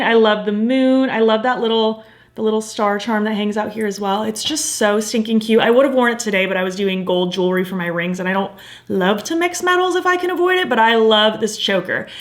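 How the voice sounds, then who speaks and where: A woman's voice: medium pitch, brisk. A young woman talks straight to camera in a casual beauty vlog, her voice sitting in a middle register. She gushes with enthusiasm and pads her sentences with fillers and asides, sounding close to a simple home camera mic. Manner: gushing, enthusiastic, filler-heavy. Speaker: beauty vlogger. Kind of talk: casual favorites review.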